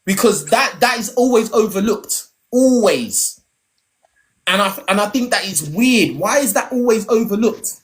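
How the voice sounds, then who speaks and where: Animated man hosting a discussion. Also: sits high, measured pace. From Nigerian heritage. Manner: animated, repeats words, says "bruv". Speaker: host. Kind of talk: group discussion.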